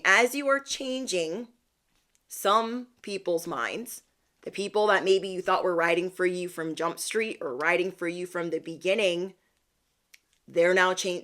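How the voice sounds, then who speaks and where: Chatty woman vlogger telling a story. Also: lowish voice. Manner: chatty, animated retelling with slang. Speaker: spiritual vlogger. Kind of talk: casual storytelling.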